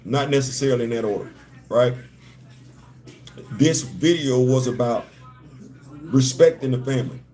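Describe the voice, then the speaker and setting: A man's voice: medium pitch, normal speed, pauses often, warm tone. A man in his fifties hosting a casual live stream, laughing often, restarting sentences and turning heartfelt. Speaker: livestream host.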